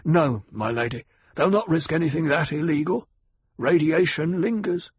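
A man voicing a proud, prickly older security chief who talks in a clipped, defensive, growling way with a raspy voice. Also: a little high, lively intonation, moderate pace, no echo, pitched above the performer's own voice. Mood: stiff, defensive. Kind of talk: audiobook character voice.

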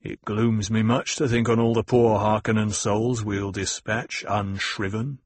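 Man voicing brooding warrior-minstrel, growling, husky, low, dry audiobook read. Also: flat delivery, a little slow, no echo. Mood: gloomy. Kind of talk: audiobook character voice.

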